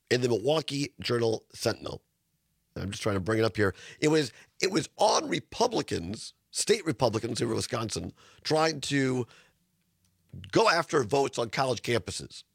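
A man hosting a talk radio show, hoarse and congested, chatting casually with stumbling restarts into a studio microphone. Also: mid-range voice, dry recording.

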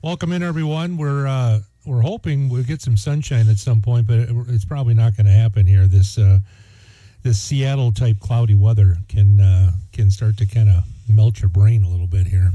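A man's voice: on the low side, moderate pace, dark tone, dry recording. A man hosting a morning radio show in casual, joking chat, rambling with lots of fillers.

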